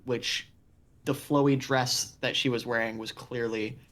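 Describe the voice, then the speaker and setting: Male game master, mid pitch, deadpan wry narrator. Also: unhurried.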